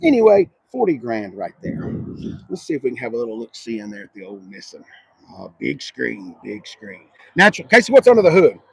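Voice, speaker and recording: A man doing a casual car walkaround on a dealership lot, loud and excitable, swinging between low murmurs and sudden shouts. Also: a little fast, creaky, breathy edge, dry recording.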